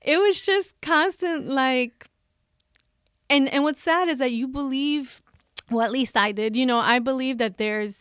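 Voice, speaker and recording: Bright-voiced woman sharing candid stories. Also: high-pitched, a little slow, clean tone, no room sound, studio quality. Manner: animated, laughs often, acts out her own quoted thoughts. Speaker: podcast guest. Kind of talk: candid conversational storytelling.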